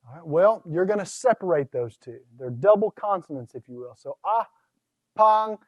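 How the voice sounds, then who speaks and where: A man teaching Greek pronunciation in a recorded lecture, methodically laying out rules and slowly sounding words out syllable by syllable. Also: fairly high pitch, lively intonation, darkish tone, no echo, studio quality. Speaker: Greek instructor.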